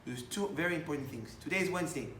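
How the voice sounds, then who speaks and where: Animated preaching man in an echoey room. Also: a little high, very fast, a little hiss or hum. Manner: animated, rising to loud emphatic bursts, many restarts. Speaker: rabbi. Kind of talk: sermon with storytelling.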